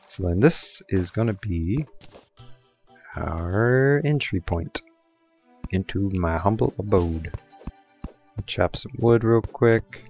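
A young man talks through his gameplay in a relaxed, rambling way. His voice sits deep and low, and he drifts into goofy, self-mocking asides. Faint music plays softly behind him. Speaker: let's play gamer. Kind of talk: casual gameplay commentary.

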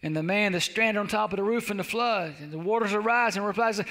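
A man's voice: high-pitched, fast talker, few pauses, fairly bright tone. A man pastor preaching a sermon, exhorting and repeating calls to the congregation. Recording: long hall reverb.

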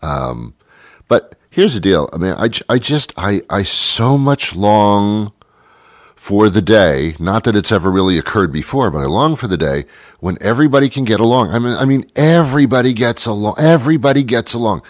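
A man's voice: lowish voice, animated, normal speed, no room sound, studio quality. A man hosting a talk show, musing aloud in a rambling monologue with frequent stammered restarts, while he has a cold.

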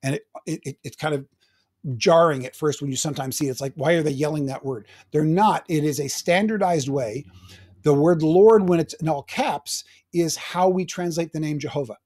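A man's voice: on the high side, moderate pace, a little mellow. Chatty older man teaching Bible. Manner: chatty, self-deprecating teacher with frequent restarts. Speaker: teaching pastor.

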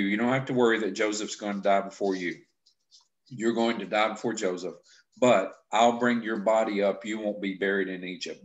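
A man with a fairly low voice walks through scripture verses in an easygoing teaching chat. He explains step by step and often restarts his sentences as he thinks aloud. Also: highs cut off. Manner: explanatory, halting with frequent restarts. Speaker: Bible class instructor. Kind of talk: casual scripture teaching discussion.

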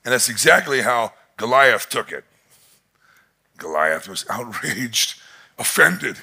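A male pastor preaching a sermon in an animated storytelling manner, chuckling often as he tells the story. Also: mid-range voice, slow pace, gravelly, husky.

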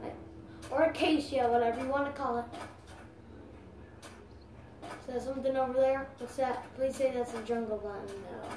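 A woman giving casual commentary while playing a video game, talking to viewers and crying out loudly at setbacks. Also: sits high, steady tone, normal speed, pauses often, recorded from a distance, background noise. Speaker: gaming video creator. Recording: roomy sound, voice off-mic, music behind.

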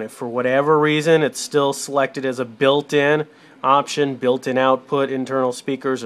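A tutorial presenter for a radio show sits at his computer and walks viewers step by step through setting up a desktop microphone and call software in a casual screen recording. His mid-range voice is clean-toned, and he moves toward and away from his desktop USB mic.

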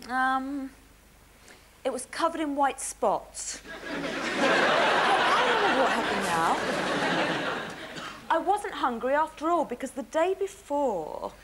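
An actress playing a dreamy, sweetly oblivious young woman who slowly tells a story. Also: sits high, expressive, a loud crowd. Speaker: sitcom girlfriend. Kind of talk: comic dialogue. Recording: hissy TV broadcast recording.

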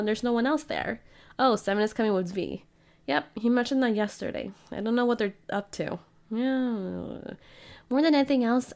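Female let's-player, bright and high, chatty and giggly, reads game dialogue aloud. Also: vocal fry. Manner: playful, giggly, reads character lines in her own voice. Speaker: gaming streamer. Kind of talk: casual let's-play commentary, reading game dialogue aloud.

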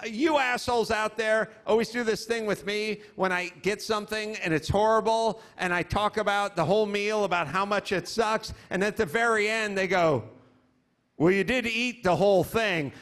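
A man's voice: high-pitched, fairly bright tone. A middle-aged man hosting a live comedy podcast, telling stories in a profane, exasperated rant and mocking people in put-on voices. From United States. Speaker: podcast host. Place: comedy club stage before a live audience.

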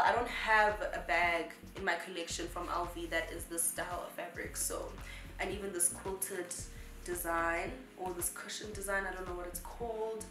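A woman's voice: lowish voice, fairly even intonation, fairly quick, a bit bright. A woman, chatting in a gushing, effusive way as she unboxes gifts for her vlog. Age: 20s. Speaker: vlogger. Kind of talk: casual unboxing chat. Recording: echoey room with background music.

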